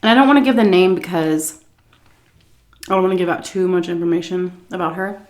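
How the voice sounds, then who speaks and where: A woman vlogger telling a story on an eating vlog, animated and profane, often clearing her throat. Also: fairly low pitch, a little fast.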